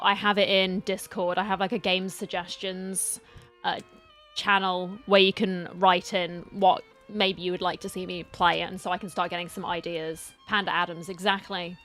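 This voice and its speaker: A woman streamer talking casually into a desk mic at home, greeting her chat by name. She sounds a little worn out from the heat, her voice sitting at an ordinary middle pitch. Soft music plays faintly behind her. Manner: chatty, greets viewers by name. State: tired from heat and poor sleep.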